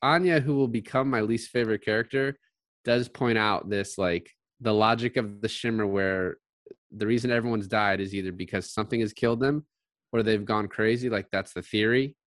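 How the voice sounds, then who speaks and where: A man co-hosting a casual podcast chat about a film, blunt and animated, often swearing and quoting scenes. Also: lowish voice, normal speed, no room sound. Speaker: podcast co-host.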